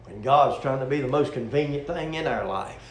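A man's voice: mid-range voice, expressive, moderate pace, reverberant, slight background noise. A man preaching a sermon in a folksy, rhetorical, joking storytelling manner.

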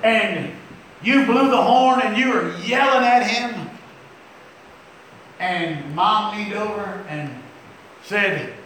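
A middle-aged man preaching a sermon, telling folksy stories and breaking into sudden loud outbursts. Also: high-pitched, slow pace, pauses often, slight background noise. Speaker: pastor. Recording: very echoey church hall.

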